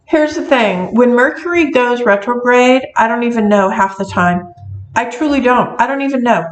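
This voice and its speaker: A woman's voice: a little high, expressive, normal speed. Woman, middle-aged, casual vlog talk, rambling with ums, roomy echo. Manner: chatty, rambling, many ums and restarts. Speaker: witch and metaphysical shop owner. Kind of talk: casual talking-to-camera vlog. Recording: echoey room.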